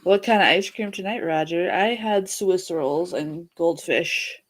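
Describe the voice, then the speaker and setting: A woman's voice: fairly low pitch, measured pace. A woman casually chatting and joking while hosting a movie watch-along, greeting viewers by name. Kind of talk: casual chat over a movie.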